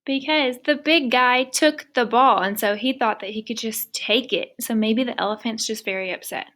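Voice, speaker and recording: Woman teacher, higher voice; patient picture-book read-aloud for young kids, full of questions. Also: moderate pace, fairly bright tone. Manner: patient, asks many questions.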